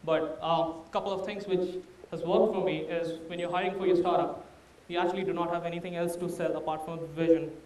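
A man's voice: a little high, flat delivery, brisk, darkish tone, reverberant, recorded from a distance. A man with an Indian accent, a startup founder giving a candid, anecdote-filled talk to an audience. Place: large room before a live audience.

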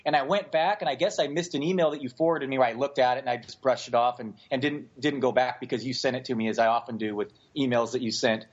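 A man's voice: medium pitch, steady tone, fast talker, few pauses. Hesitant man on a dull, lo-fi line. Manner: hesitant, many filler sounds. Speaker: podcast co-host. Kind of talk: casual chat. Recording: dull lo-fi sound.

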